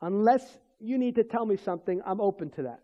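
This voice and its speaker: A man with a notably high voice tells a personal faith story in a loose, meandering way, circling back and restarting his sentences. He laughs softly between thoughts, speaking as a minister in conversation. The sound is dull and lo-fi. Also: animated, fairly quick. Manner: rambling storytelling with restarts and chuckles.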